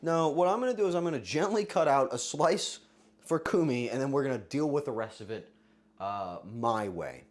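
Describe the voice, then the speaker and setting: Livestreamer, casual chat, crude jokes, hoarse edge, very animated pitch, shouty bursts. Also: normal speed. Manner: crude, joking, bursts into yelling. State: voice getting hoarse.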